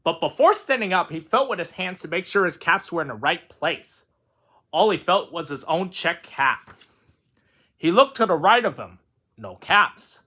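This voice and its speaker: A man's voice: high-pitched, very animated, normal speed, pushed and bright. A man reading a children's picture book aloud in a sing-song, playful storytelling manner. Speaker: storybook reader.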